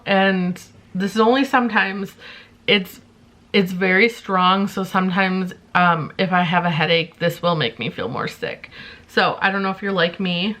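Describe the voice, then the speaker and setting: A young woman talks casually to camera, chatty and a little rambling. She fills pauses with ums and pokes fun at herself. Her voice sits at an ordinary middle pitch. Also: fairly bright tone. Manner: chatty, self-deprecating, frequent ums. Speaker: beauty vlogger.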